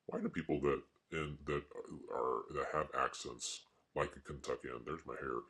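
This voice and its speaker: A man's voice: rumbling low, fairly even intonation, normal speed, a bit bright, breathy edge. A man vlogging and rambling casually in a wry, mock-grumpy way. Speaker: art vlogger.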